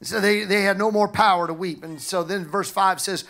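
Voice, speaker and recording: A man preaching a sermon as pastor of a church, with a Southern Illinois accent, emphatic and repetitive, building to loud passages. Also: high-pitched, steady tone, normal speed, vocal fry, hardly any pauses. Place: church sanctuary.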